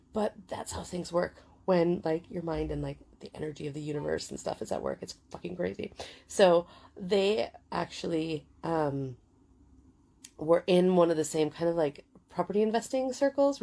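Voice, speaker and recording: A woman's voice: fairly low pitch, dark tone. A woman in her forties telling a story in a chatty, casual way, full of fillers and swearing. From United Kingdom. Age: 40s. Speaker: vlogger.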